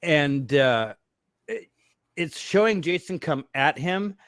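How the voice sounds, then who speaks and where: A man co-hosting a podcast, talking excitedly and profanely about a horror film with a friend. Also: fairly high pitch, slow, no echo, studio quality. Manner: excitable, swears, bursts into shouts. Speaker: podcast co-host. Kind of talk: casual movie review chat.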